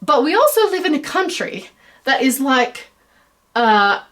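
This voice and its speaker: A woman's voice: high-pitched, sing-song, unhurried, fairly bright tone. A middle-aged American woman hosting her own web series in a put-on Australian accent, rambling chattily through a stream-of-consciousness monologue full of fillers and self-deprecating asides. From United States.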